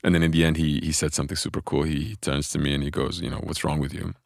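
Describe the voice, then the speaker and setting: Very deep-voiced man telling a story. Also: very fast, creaky, no echo, clean studio sound. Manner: animated storyteller, frequent self-restarts. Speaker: spiritual teacher telling a personal story. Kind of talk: conversational podcast storytelling.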